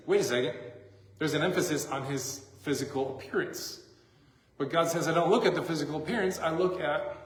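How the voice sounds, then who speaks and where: A man preaching a sermon as a pastor, in a casual, joking, conversational way, recorded in a church sanctuary. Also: fairly high pitch. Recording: echoey church hall.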